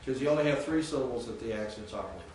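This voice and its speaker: A man's voice: medium pitch, expressive, a little mellow, a little hiss or hum. Echoey far-off man teaching in class. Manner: halting, repeats words, quizzes students. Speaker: Greek teacher. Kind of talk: classroom lecture. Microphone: distant room mic.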